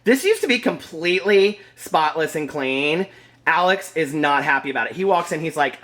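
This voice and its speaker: A man chats to camera in a casual home vlog, his voice bright and forceful. He rambles in an animated way and often laughs. He draws out words for dramatic emphasis as he walks from room to room with the camera. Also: fairly high pitch, normal speed. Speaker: book vlogger host. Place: at home, walking between rooms.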